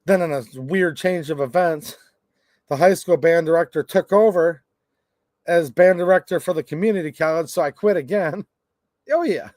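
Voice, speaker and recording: He's a gun rights channel host chatting casually on a livestream, joking, wandering off topic and reading the chat out loud. A little high in pitch with a darkish tone, he speaks at normal speed, and the studio sound is clean with no room noise.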